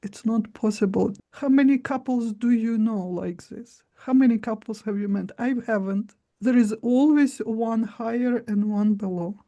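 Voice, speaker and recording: A woman speaking as a guest coach in an interview, explaining in a slow, deliberate way with long pauses. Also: fairly high pitch, dark tone. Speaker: guest voice and body-language coach. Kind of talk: instructive interview talk.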